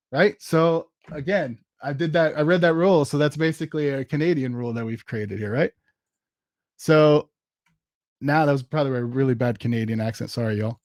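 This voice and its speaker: Male tech presenter, gravelly voice, dry close sound, casual and thinking aloud through a live demo. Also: fairly high pitch, a little mellow, no echo. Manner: casual, thinks aloud while typing commands. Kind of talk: live software demo walkthrough.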